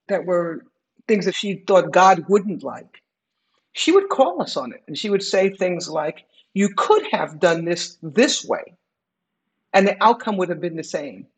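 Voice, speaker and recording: An older woman speaks as a guest in a candid interview, reflective yet emphatic. She leans on repetition to drive her points home, her pitch sitting in an ordinary middle range. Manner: emphatic, repeats key phrases, reflective. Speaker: guest, retired executive.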